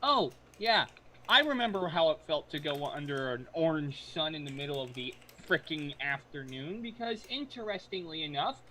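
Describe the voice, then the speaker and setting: A woman in a casual group chat, telling a story in an animated, emphatic way. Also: low-pitched, normal speed, poor audio.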